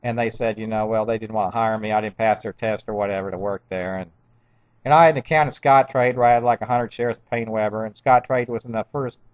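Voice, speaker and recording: A man's voice: fairly low pitch, steady tone, quick pace, no room sound. Man in his 50s, agitated rambling monologue, stammered restarts, dry muffled home recording.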